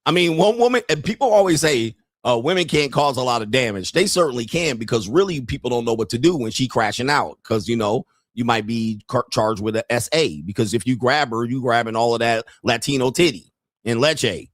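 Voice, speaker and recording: A man hosting a dating talk show, commenting casually on a viral clip with crude jokes, laughing and getting excited. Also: mid-range voice, brisk, no echo, clean studio sound. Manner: crude joking, laughs at his own lines; excitable, rising into shouts.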